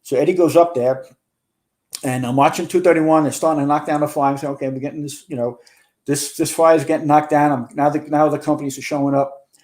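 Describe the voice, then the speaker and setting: A man's voice: on the high side, fairly even intonation, quick pace, a little mellow. A man in his sixties, a retired fire chief and podcast guest, earnestly recounting a big fire in close detail. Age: 60s. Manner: earnest storyteller, relives events in detail. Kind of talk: recounting a firefight in a podcast interview.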